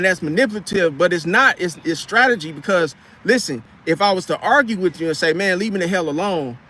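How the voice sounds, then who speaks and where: A man with a high voice rambles through a casual story in a loose, slangy way, tripping over and repeating his words. Faint traffic hums in the background, as if he is talking outdoors near a street. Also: a bit bright. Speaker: vlogger telling a story from his car repair job.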